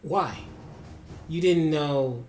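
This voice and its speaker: A man's voice: a little high, drawn-out words, a little mellow, slight background noise. A man voicing an older rogue who stands up to his angry son, firm and defiant.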